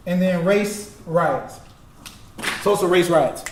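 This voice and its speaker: Animated man lecturing in an echoey hall. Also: high-pitched, slow, pauses often, a little hiss or hum. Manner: animated, prompts the audience to finish his phrases. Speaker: performance poet giving an artist talk. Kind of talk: interactive lecture with call-and-response. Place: lecture hall with a live audience. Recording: echoey hall recording from far off.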